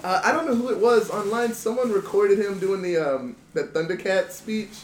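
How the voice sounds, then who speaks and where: A man telling animated, laughing stories among friends and acting out their lines. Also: high voice, moderate pace. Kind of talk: casual storytelling among friends. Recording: echoey room, noisy background.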